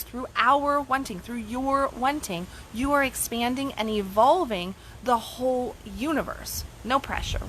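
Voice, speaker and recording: A woman's voice: on the high side, a bit bright, a little hiss or hum, low-quality recording. A woman life coach giving a blunt, casual motivational talk, swearing freely and asking rhetorical questions.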